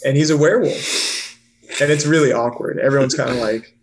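A man's voice: mid-range voice, brisk, long pauses, a little hiss or hum, rough recording. A man casually building on jokes in a comedy brainstorm.

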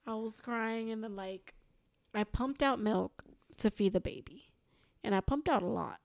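A young woman telling a story as a podcast guest, animated and quoting herself and others. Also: fairly high pitch, unhurried, vocal fry, no room sound. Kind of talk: casual storytelling.

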